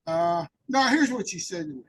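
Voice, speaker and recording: A man's voice: high-pitched, lively intonation, normal speed, a bit bright, slight background noise, rough recording. A man in an interview, telling rambling personal recovery stories and acting out the dialogue. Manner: rambling anecdotal storyteller, acts out dialogue. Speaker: interview guest.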